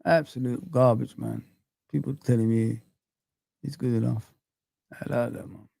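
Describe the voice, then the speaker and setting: A man's voice: mid-range voice, fairly even intonation, unhurried, vocal fry, dark tone, no echo, clean studio sound. A man hosting a football live stream, ranting in heated street slang as he reads the chat.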